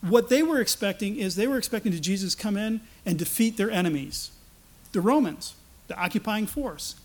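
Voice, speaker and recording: A man delivers a sermon in a notably high voice. He preaches with animation, slipping into the voices of the people he quotes. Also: expressive, normal speed.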